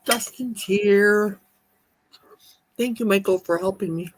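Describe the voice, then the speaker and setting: A woman's voice: medium pitch, takes it slowly. A woman chatting casually on a live stream, eating as she talks and reading viewer comments aloud in her kitchen. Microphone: streaming mic.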